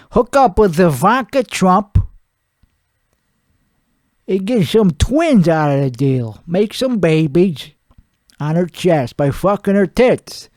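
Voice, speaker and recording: A man's voice: high voice, darkish tone, no echo, studio quality. A man playing a crude, boastful podcast host who rambles and laughs at his own jokes. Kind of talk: improvised character comedy monologue.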